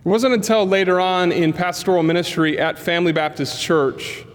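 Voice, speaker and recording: A man's voice: high voice, moderate pace, smooth. A man preaching a sermon in a church, telling stories and acting out the voices of people in them. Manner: animated storyteller acting out dialogue. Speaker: pastor. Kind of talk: sermon storytelling. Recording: long reverb of a large hall.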